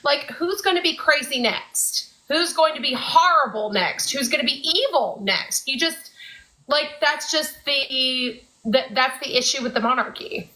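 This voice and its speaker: A woman's voice: high-pitched, lively intonation, unhurried, sharp tone, low-quality recording. A woman co-hosting a casual fan podcast, talking in a chatty way with lots of fillers. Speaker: podcast co-host.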